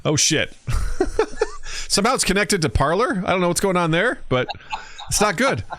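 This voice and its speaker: A man co-hosting a podcast in casual, joking chat, animated and quick to act out stories. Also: sits high. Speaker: podcast co-host.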